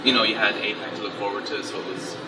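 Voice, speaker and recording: A man's voice: fairly low pitch, flat delivery, fast. An Irish man from Ireland, chatting easily as a guest in a casual interview. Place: convention city outdoors, trains passing. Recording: distant mic, loud street noise.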